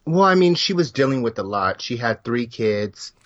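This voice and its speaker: A man's voice: medium pitch, big pitch swings, moderate pace, dry recording. Blunt man on dull call audio. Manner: blunt, dry, offhand. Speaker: podcast co-host. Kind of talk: casual comedic chat.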